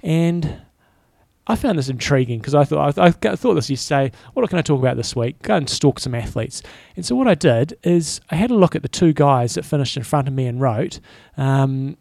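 A man co-hosting a casual podcast, rambling in a relaxed way with frequent restarts. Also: on the high side, brisk, creaky, dry recording, studio quality. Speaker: podcast co-host. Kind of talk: casual chat.

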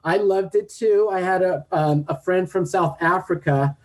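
A man's voice: sits high, moderate pace, a little hiss or hum, poor audio. A man in his late forties from Southern California, a guest educator talking in an upbeat, rambling way and laughing often. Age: 40s. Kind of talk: podcast interview.

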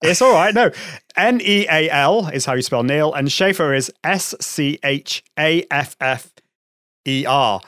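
Guy hosting a live show, kinda high voice, rambly and chatty, dry close sound. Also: lively intonation, measured pace, a bit bright, dry recording. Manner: chatty, rambling with restarts and small laughs. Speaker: host. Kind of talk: live show interview chat.

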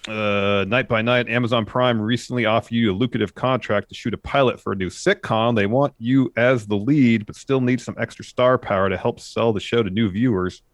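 A man co-hosting a casual wrestling chat show, relaxed and agreeable, reading viewer names and questions aloud. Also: medium pitch, a little fast, hardly any pauses, no echo, studio quality. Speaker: podcast co-host.

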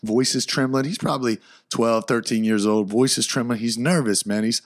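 A man's voice: mid-range voice, moderate pace. Hyped, slangy young man podcaster. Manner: hyped, excitable, slangy, breaks into loud outbursts. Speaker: podcast host. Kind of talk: casual solo podcast storytelling.

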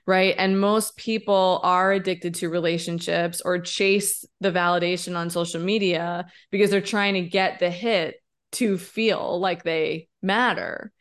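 A woman's voice: on the low side, steady tone, unhurried, clear, resonant tone. A woman co-hosting a podcast about relationships, speaking earnestly as she sums up a lesson. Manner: earnest, teaching tone. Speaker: podcast co-host. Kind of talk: casual chat.

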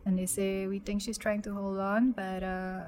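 A young woman quietly telling a personal story, halting with many fillers and restarts. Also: mid-range voice, level tone, a little hiss or hum.

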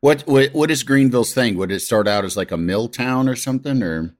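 A man's voice: mid-range voice, lively intonation, brisk. A man hosting a casual chat, asking questions and making teasing, joking remarks.

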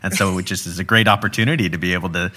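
A man's voice: deep voice, steady tone, very fast, bright, forceful tone. Upbeat male podcast host. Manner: enthusiastic, upbeat. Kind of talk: conversational interview.

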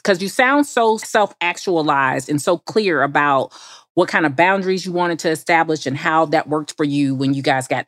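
A woman's voice: sits low, no echo, studio quality. A woman co-hosting a podcast interview, effusive and encouraging toward her guests. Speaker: co-host.

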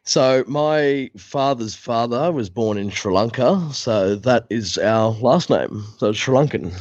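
A man's voice: medium pitch, lively intonation, measured pace, darkish tone, no echo, muffled recording. A man with an Australian accent, a podcast guest, talking in an easygoing, plain-spoken way. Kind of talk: casual podcast chat.

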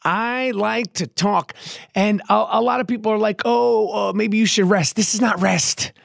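A man hosting his own podcast, his voice hoarse and not at full strength, talking in a brash, profane, rapid-fire way and repeating catchphrases. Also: sits high, steady tone, dry recording, clean studio sound. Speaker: podcast host. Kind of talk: hyped solo podcast monologue.

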